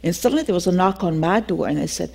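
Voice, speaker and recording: Older woman telling a lively testimony. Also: fairly low pitch, fast talker, gravelly, breathy edge. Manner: animated storytelling, acts out dialogue, laughs often. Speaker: Bible teacher. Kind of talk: teaching class with personal testimony.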